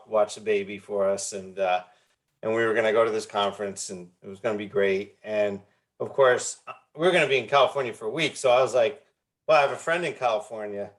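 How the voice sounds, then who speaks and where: A man in his fifties, a guest on an interview podcast, telling a personal story candidly with frequent restarts and repeated words. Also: on the low side. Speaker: guest, founder of a recovery movement.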